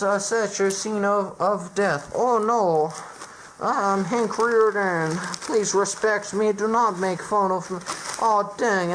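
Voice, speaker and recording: A woman's voice: mid-range voice, slight background noise, close to an everyday voice, poor audio. A woman voicing a whiny male steel magnate who is stuffed with newspapers, pleading in stiff, formal sentences. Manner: whiny, pleading, stilted speech without contractions. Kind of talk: absurd comedy voice acting.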